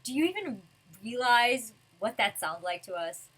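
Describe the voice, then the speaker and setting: A woman's voice: on the high side, very animated, normal speed, fairly bright tone, breathy edge, heavily acted, rough recording. A woman reading the lines of a brash, hot-headed young male fighter with a blunt, indignant tone.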